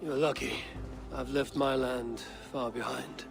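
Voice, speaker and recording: Gravelly Norse warrior. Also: male voice, mid-range voice, steady tone, unhurried, music in the background. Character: Norse warrior, calm and courteous.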